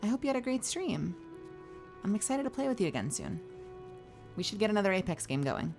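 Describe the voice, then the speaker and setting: With faint music in the background, a woman who streams and does voice acting talks briskly in a medium-pitched voice. Though sleepy and yawning, she's playful and animated in this casual live-stream chat, greeting her viewers.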